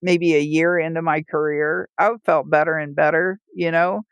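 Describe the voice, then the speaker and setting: Woman, hospice nurse, animated storyteller with frequent laughs, dry close-mic sound. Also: sits low, normal speed, smooth, dry recording, muffled recording. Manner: vivid storyteller who laughs while telling and acts out the people she quotes. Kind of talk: personal storytelling in a podcast interview.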